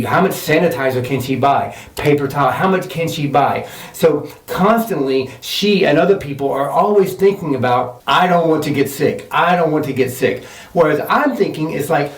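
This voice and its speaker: A man's voice: a little high, animated, moderate pace. A man co-hosting a podcast, arguing in a casual chat, defensive and teasing as he talks over his partner. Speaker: podcast co-host. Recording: roomy sound, mic at a distance.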